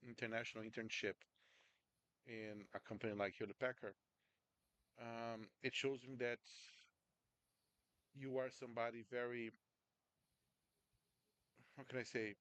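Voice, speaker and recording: Delivering in a flat, unhurried way with frequent pauses, this medium-pitched, slightly bright man is a communication coach from the United States. On a video call he coaches casually and chattily, regularly asking his student "right?" and "understand?".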